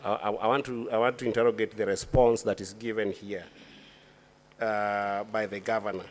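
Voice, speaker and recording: A man questions a witness at a formal senate hearing, his voice sitting on the low side. He speaks in a deliberate, legalistic way and restarts his phrases as he searches for the words. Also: level tone.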